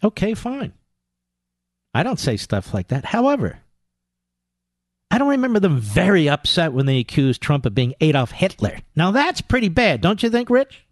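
High, animated sarcastic radio host man. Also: moderate pace, dry recording, studio quality. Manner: sarcastic, mocks opponents in put-on voices; emphatic, repeats words for effect. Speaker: radio talk show host. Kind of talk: political talk radio monologue.

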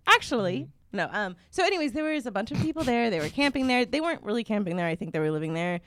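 A woman's voice: on the high side, very animated, fast, fairly bright tone, no echo, clean studio sound. A young adult woman co-hosting a podcast, telling a long anecdote in casual chat with lots of fillers. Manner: rambling anecdote with many fillers. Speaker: podcast co-host.

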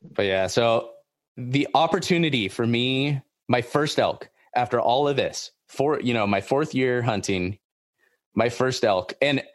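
An excitable man hosts a casual podcast chat, rambling and circling back on his words. His voice sits at an ordinary middle pitch. The sound is dry and close, with no room in it. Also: measured pace, dry recording. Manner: excitable, rambling, repeats himself. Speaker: podcast host.

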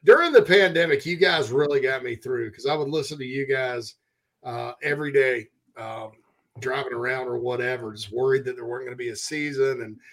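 A man hosts a college sports podcast in a loose, folksy way. He chats with guests, laughs easily and rambles a bit between sponsor reads. His voice sits at a middling pitch for a man. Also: brisk, a bit bright. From southern United States. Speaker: podcast host. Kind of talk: casual sports talk.

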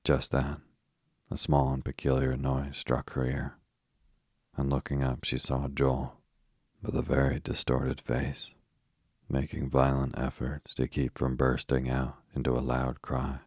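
A man reading a children's story aloud as a bedtime narration, slow, soft and steady, with a husky voice. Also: rumbling low, no room sound, studio quality.

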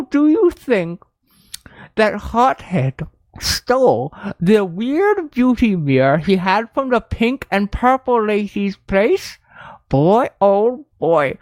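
A woman's voice: mid-range voice, darkish tone, no echo, low-quality recording. A woman putting on a doddering old-timey elder's voice to read out listener mail on a podcast, in a rambling old-person drawl.

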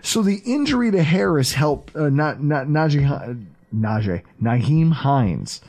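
A man hosting a sports podcast, chatting casually, animated and profane, acting out quotes as he goes. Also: a little high, a little slow. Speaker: podcast host.

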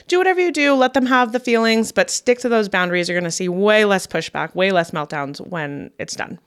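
A woman's voice: mid-range voice, moderate pace, fairly bright tone, smooth. A woman in her thirties co-hosting a parenting podcast, chatting candidly, swearing freely and laughing often. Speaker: podcast co-host. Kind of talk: casual chat.

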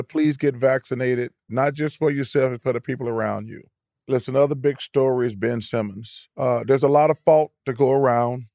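A man's voice: mid-range voice, a little mellow. Older male co-host, casual podcast chat, boisterous and outspoken, dry studio sound with no room echo. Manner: boisterous, laughs often, blunt opinions.

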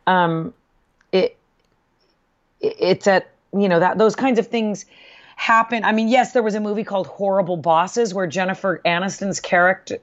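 Woman, casual chat, measured, thoughtful, hesitant fillers, mid pitch, slightly muffled recording.

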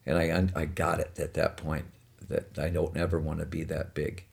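Gravelly older man telling stories. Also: rumbling low, moderate pace. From Detroit, USA. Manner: animated, punchline-driven storytelling. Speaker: guest storyteller. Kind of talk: anecdotal storytelling in conversation.

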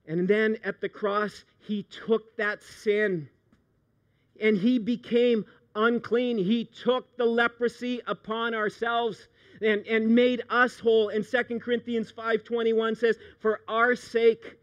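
A middle-aged man, a pastor preaching a sermon, animated, moving from hushed storytelling to loud outbursts. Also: extremely high pitch, slow, highs cut off.

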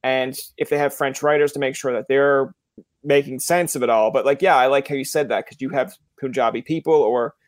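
A man's voice: medium pitch, fairly even intonation, a little fast, no echo, studio quality. A man with a Newfoundland accent hosting a casual interview, telling rambling stories and acting out the voices of people he quotes. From Newfoundland, Canada. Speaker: podcast host.

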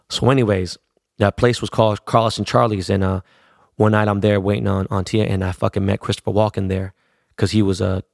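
Gravelly, swearing middle-aged storyteller man. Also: lowish voice, dry recording, studio quality. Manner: rambling, swears constantly, slangy. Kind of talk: casual profane storytelling.

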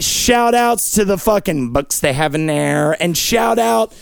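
Young guy rambling profanely on a podcast, slightly high gravelly voice, dry close mic, random yelling. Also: expressive, measured pace, few pauses, dry recording. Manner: absurd, profane stream of consciousness with sudden yelling. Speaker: podcast host. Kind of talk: rambling comedic monologue.

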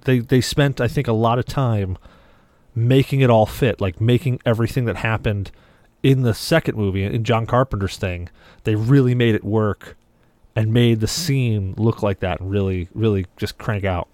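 A man's voice: fairly low pitch, normal speed, a little mellow, dry recording. A man co-hosting a casual podcast chat, rambling through stories and swearing freely. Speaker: podcast co-host.

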